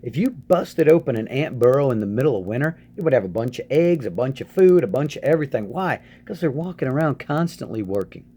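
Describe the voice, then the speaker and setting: A man gives casual, preachy advice to his viewers in an animated way. His pitch swings widely as he jumps into little voices and back. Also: fairly quick, few pauses, breathy edge. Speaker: Christian advice vlogger.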